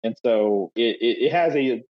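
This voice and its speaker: A man's voice: medium pitch, measured pace, dry recording. Man, podcast co-host, baseball coach, rambling, restarts, slightly muffled lo-fi audio. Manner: rambling storyteller with many restarts. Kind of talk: casual chat.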